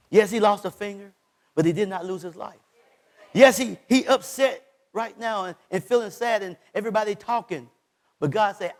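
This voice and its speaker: A man with a high, ringing voice, his delivery full of passion. He shouts some lines and drops others almost to a whisper, and he speaks God's words in the first person as he drives the message home. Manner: impassioned preaching, voicing God's words, swings from shouts to hushed lines. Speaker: pastor. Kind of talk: sermon.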